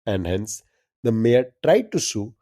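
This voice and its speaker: A man co-hosting a trivia podcast in casual chat, easygoing and quick to laugh. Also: lowish voice, sing-song, mellow, dry recording, clean studio sound. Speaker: podcast co-host.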